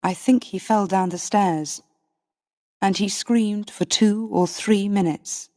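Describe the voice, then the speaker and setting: A woman narrating a storybook in a slow, careful reading for English learners. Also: medium pitch, fairly even intonation, dark tone. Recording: long reverb.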